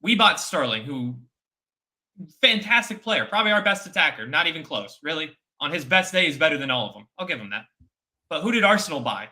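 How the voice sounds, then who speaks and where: A man's voice: a little high, sing-song, fairly quick, pushed and bright. A man giving emphatic, opinionated football takes in a casual chat, repeating his points. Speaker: football fan pundit. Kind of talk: casual post-match chat.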